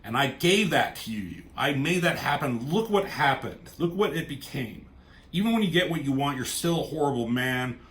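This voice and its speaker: A man's voice: medium pitch, expressive, moderate pace, few pauses, fairly bright tone, natural voice. A man voicing a grieving, furious young woman with superpowers, delivering a bitter, accusing tirade at her father.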